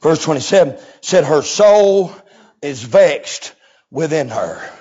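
A man preaching a revival sermon, swinging from low murmurs to hoarse, sing-song shouting. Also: animated, takes it slowly, muffled recording.

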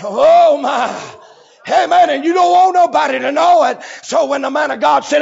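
A man preaching a revival sermon, swinging from low murmurs to hoarse, sing-song shouting. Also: normal speed, dull audio, soft background music.

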